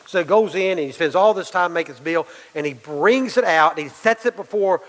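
A man's voice: high-pitched, a little fast. Man preaching in a reverberant hall. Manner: conversational preaching, acts out quotes, repeats words. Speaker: pastor. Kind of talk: sermon.

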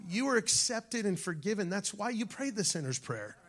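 Delivering his sermon, this pastor shouts out to his congregation and sometimes sinks to a near-whisper. He speaks in a high voice at a moderate pace.

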